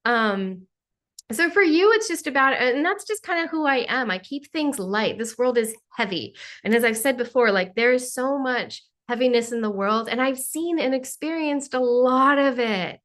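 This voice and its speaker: A woman's voice: sits high, moderate pace, a bit bright. A woman hosting a spiritual Q&A on a live video call, talking in a playful, joking way with sarcastic asides. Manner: playful, jokey, sarcastic asides, mimics voices.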